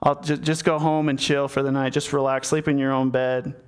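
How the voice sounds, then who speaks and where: A man's voice: mid-range voice, level tone, fairly quick, smooth, natural voice. A man voicing a panicked, guilty king who makes awkward small talk as he tries to cover up a mistake. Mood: falsely cheerful.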